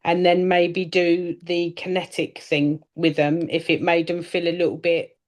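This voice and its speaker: A woman's voice: lowish voice, level tone, measured pace. Hesitant woman asking questions. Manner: hesitant, restarts, thinks aloud. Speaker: trainee hypnotist. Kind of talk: casual chat, asking questions.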